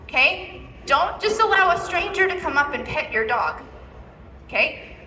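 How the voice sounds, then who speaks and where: Woman dog trainer leading a live demo, high-pitched and bright, checking in with "okay?", heard from a distance in a reverberant hall. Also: expressive, a little slow, a little hiss or hum. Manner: instructive, repeats "okay?" to check in. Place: large indoor expo hall. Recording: echoey hall from far off.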